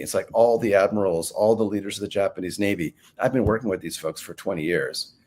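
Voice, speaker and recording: A man's voice: on the low side, fast, darkish tone, slight background noise. A man answering interview questions in a casual, rambling way, full of fillers and restarts. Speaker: guest author.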